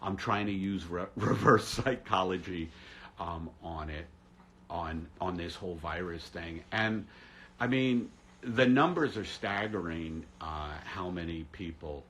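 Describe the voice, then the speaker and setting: A male comedian hosting a livestream from his apartment, rambling through a sardonic monologue with deadpan gloom. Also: low voice, a little slow, a little hiss or hum. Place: at home in an apartment.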